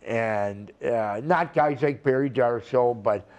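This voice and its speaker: Older male wrestler, slow deliberate talker, swears and plays every part. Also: mid-range voice, darkish tone, highs cut off. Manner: slow, rambling storytelling with profanity and acted-out quotes. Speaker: retired wrestler, interview guest. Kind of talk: storytelling shoot interview.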